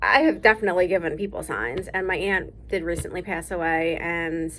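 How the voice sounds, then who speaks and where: A woman's voice: fairly low pitch, a little fast, fairly bright tone. A woman co-hosting a podcast, speaking in a reflective, encouraging way. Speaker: podcast co-host. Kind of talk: casual chat.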